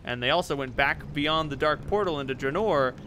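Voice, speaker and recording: A man's voice: fairly high pitch, brisk, sharp tone, a little hiss or hum. A man giving casual let's-play commentary, rambling and joking with frequent swearing. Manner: rambling, profane, jokey. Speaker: game commentator.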